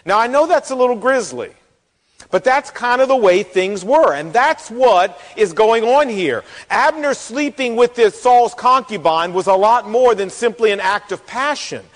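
A man preaching a sermon as pastor, folksy and animated, acting out the quotes in the story. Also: extremely high pitch, a little slow. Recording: long hall reverb.

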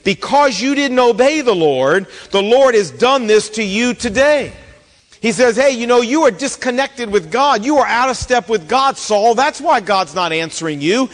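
A man delivers a sermon in a high, lifted voice, retelling scripture with lively storytelling and acted-out lines. His voice carries a long reverb, as if spoken in a large hall. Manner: expressive Bible storytelling, acting out quotes. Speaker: pastor.

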